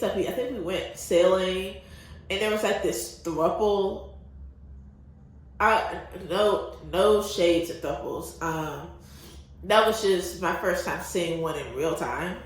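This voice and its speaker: A young American woman telling a travel story to her viewers, chatty, laughing often and full of fillers. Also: on the low side. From United States. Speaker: vlogger. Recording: very echoey room.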